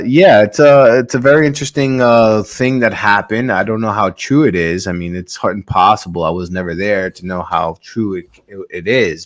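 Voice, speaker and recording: A man's voice: fairly low pitch, no room sound. A man hosting a podcast in casual chat, rambling with lots of hesitations and restarts. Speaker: podcast host.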